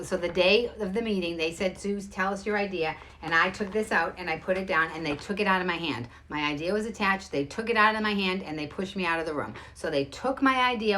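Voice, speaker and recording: A woman's voice: on the low side, pushed and bright. A woman telling a personal story straight to camera, emphatic and full of restarts. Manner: rapid, emphatic, restarts a lot. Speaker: show host.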